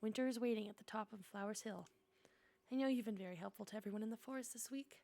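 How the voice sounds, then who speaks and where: A woman voicing an old, wise stone elder in a cozy game, speaking slowly and soothingly in a hushed voice. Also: medium pitch, vocal fry, lightly acted.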